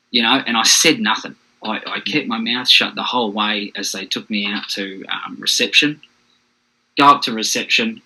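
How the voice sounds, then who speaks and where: A man's voice: lowish voice, bright, forceful tone, slightly rough, poor audio. An Australian man, a podcast guest, telling his own hard story in a frank, plain-spoken way. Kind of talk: candid personal storytelling.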